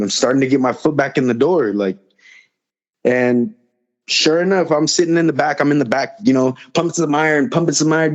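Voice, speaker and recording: Male podcast guest, casual rambling storyteller who acts out dialogue, average pitch, muffled lo-fi mic. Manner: rambling, repeats phrases, acts out quoted dialogue. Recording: slightly dull lo-fi audio.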